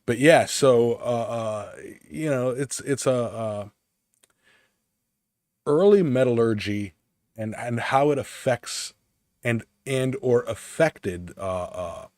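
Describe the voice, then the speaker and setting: A man co-hosting a casual livestream chat, talking haltingly with many fillers and restarts. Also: mid-range voice, animated, a little mellow, no echo, clean studio sound. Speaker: podcast co-host.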